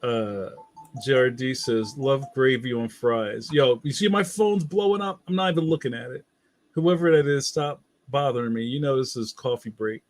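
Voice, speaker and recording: A man's voice: mid-range voice, normal speed. A man hosting a casual livestream, reading viewer comments aloud in a playful, slangy way and laughing often. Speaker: livestream host.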